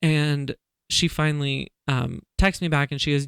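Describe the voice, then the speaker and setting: A male podcast host in casual chat, with a somewhat high voice. He tells stories with lively energy and breaks into laughter often. The sound is dry and close. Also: measured pace, creaky, clear, resonant tone, dry recording. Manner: laughs often, animated storytelling.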